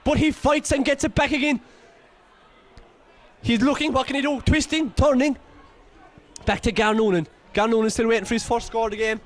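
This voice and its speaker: Irish man, partisan match commentator, very high voice, excitable, scolds players. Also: normal speed, long pauses. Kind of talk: partisan local sports commentary.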